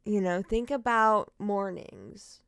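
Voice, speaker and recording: A woman's voice: mid-range voice, slow pace, creaky, a bit bright, clear, resonant tone, dry recording, studio quality. A young woman retelling a true crime case, emotional and outspoken, swearing freely as she reacts.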